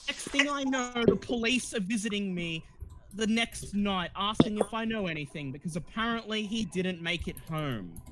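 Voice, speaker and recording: A man's voice: high voice, expressive, moderate pace, very noisy, voice pushed up. A man voicing a young woman, an aspiring actress who fakes sobs and plays up her worry. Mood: frank. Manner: theatrical, fake sobbing, dramatic.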